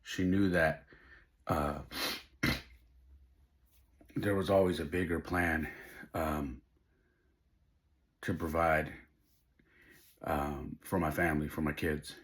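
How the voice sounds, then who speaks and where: Hosting a podcast, a middle-aged man shares a personal story with heartfelt, faith-driven emotion. He speaks slowly in a rumbling low, steady voice, leaving long pauses.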